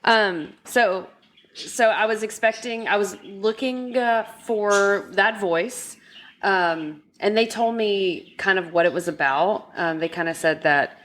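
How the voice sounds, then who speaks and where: A woman's voice: mid-range voice, slow pace, a bit bright. A woman co-hosting a podcast, talking casually and hesitantly with many fillers. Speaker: podcast co-host. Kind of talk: casual chat.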